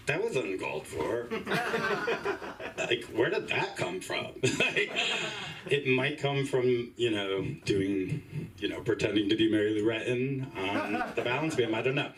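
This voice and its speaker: A man's voice: mid-range voice, expressive, unhurried, distant mic, crowd noise, poor audio. A man doing open mic stand-up in a small comedy club, chatty and rambling, full of fillers and voiced asides.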